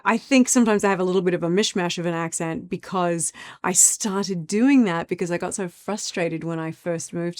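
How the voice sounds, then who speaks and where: A middle-aged woman with an Australian accent, chatting as an interview guest and laughing often. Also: lowish voice. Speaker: actress guest. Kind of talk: casual interview chat.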